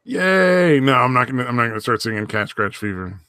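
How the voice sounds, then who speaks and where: A man's voice: medium pitch, big pitch swings, fairly quick, bright, forceful tone, smooth, dry recording, studio quality. A man hosting a livestream, bantering casually with profane, self-mocking jokes and frequent laughter. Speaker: stream host.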